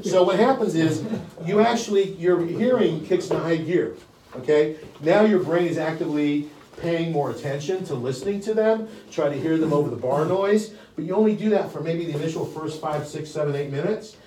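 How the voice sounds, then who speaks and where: A man's voice: fairly high pitch, moderate pace, mellow. An older man leading a live sales training, brash and blunt, with frequent profanity. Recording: echoey room, distant mic.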